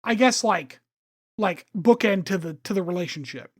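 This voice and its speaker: Lively, opinionated woman on a dry mic. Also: mid-range voice, no room sound. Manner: animated, opinionated, swears freely, acts out quick quotes. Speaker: podcast co-host and commentator. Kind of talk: casual chat.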